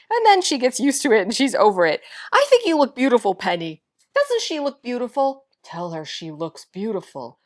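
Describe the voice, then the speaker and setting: A woman hosting a home organizing video, talking to viewers in an earnest, chatty way. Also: mid-range voice. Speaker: home organizing channel host. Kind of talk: casual chat.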